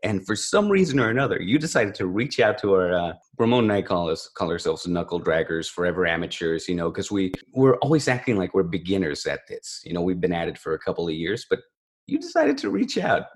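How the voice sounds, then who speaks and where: A Californian podcast co-host rambles through a casual chat over a remote call, cracking self-deprecating jokes. His low voice is animated and quick, with hardly any pauses.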